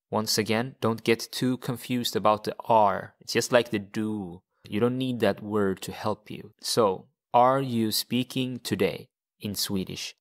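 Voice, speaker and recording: A man's voice: lowish voice, steady tone, unhurried, hardly any pauses. A man teaching a language lesson step by step, patiently repeating phrases for learners.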